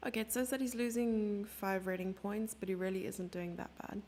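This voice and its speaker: A woman's voice: medium pitch, little pitch movement, brisk, darkish tone, slight background noise. A woman streamer giving chatty live chess commentary, thinking aloud and sometimes dropping into a whisper.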